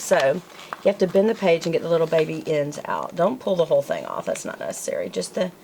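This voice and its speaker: A woman's voice: sits low, a little mellow, slight background noise, rough recording. A woman with a Southern US accent chatting casually as she works on a planner, talking to herself along the way. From American South. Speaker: planner vlogger. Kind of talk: casual chat while crafting.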